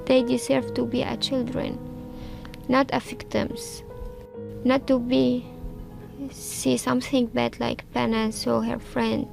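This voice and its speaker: A mother from Syria speaking slow, halting second-language English as she reads a prepared statement. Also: fairly high pitch, flat delivery, creaky. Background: music.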